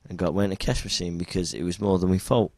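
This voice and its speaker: A man's voice: low voice, steady tone, quick pace, a little mellow, no room sound, clean studio sound. A young man putting on a mock Cockney accent, hosting a podcast in a jokey, drawling way. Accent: put-on Cockney.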